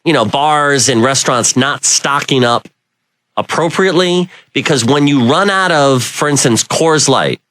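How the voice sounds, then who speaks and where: A man's voice: mid-range voice, expressive, a little slow, a bit bright, dry recording. A male radio talk show host telling rambling stories with many "you know" fillers, speaking into a studio microphone. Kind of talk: casual radio chat.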